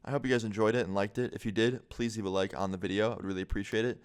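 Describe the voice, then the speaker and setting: A man's voice: fairly low pitch, steady tone, racing, clean tone. A young man telling a scary story in a casual vlog, swearing constantly and saying "like" all the time. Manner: casual, heavy swearing, lots of "like". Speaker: vlogger.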